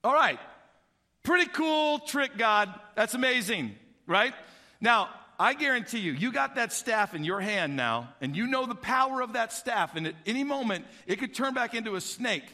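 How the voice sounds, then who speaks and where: A man's voice: sits high, moderate pace. A man preaching a sermon, telling a story with humor and acting out the voices of the people in it. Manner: animated storytelling, acting out voices for comic effect. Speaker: pastor. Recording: long hall reverb.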